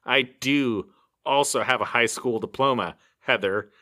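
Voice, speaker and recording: A man's voice: medium pitch, a little slow, pushed and bright. A man co-hosting a casual comedy podcast, rambling with many fillers and arguing back defensively. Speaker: podcast co-host.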